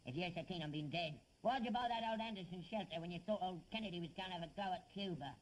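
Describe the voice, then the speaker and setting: A man's voice: high-pitched, fast, slight background noise, lightly acted, low-quality recording. A man with a London Cockney accent playing Albert, a grumpy, stubborn old rag-and-bone father who nags in double negatives, in a 1960s TV sitcom. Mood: defensive. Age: older. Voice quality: cantankerous, nagging, ungrammatical double negatives. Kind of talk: 1960s television sitcom acting.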